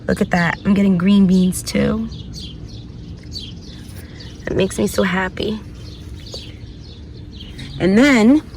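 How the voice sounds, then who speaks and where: A woman's voice: mid-range voice, a little hiss or hum. A woman giving a casual garden tour vlog outdoors, chatty and rambling, thinking aloud and correcting herself as she goes. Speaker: gardening vlogger.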